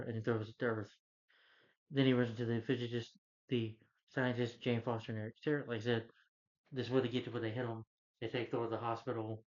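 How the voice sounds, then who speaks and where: A man's voice: medium pitch, flat delivery, fairly quick, pauses often, muffled recording. A man who reviews movies, casually retelling a film's plot in a loose, rambling way with lots of "like" and "you know".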